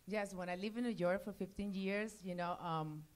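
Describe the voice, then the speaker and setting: A woman from Venezuela speaking halting, heavily accented English in a rambling, giggly stand-up set. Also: mid-range voice, fairly even intonation. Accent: Venezuelan Spanish. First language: Spanish. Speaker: open-mic comedian.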